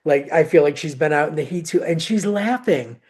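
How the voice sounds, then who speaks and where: A woman co-hosting a podcast, telling a personal story in an animated, emotional way and acting out the dialogue. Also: low-pitched, moderate pace. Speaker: podcast co-host. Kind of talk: casual chat, personal storytelling.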